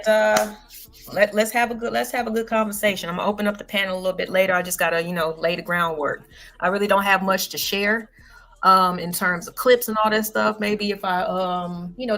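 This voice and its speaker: A woman's voice: medium pitch, fairly bright tone. A woman who is a parent, hosting her own livestream in a loose, slangy, casual monologue. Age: adult parent. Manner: loose and chatty, full of fillers and slang. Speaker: livestream host. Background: faint background music.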